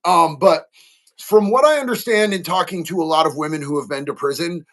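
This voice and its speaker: A man's voice: fairly high pitch, brisk, fairly bright tone. A man hosting a casual livestream, talking candidly and earnestly to viewers, with lots of slang, swearing and fillers. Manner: earnest and heartfelt. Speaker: livestream host answering chat. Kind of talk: casual unscripted talk to viewers.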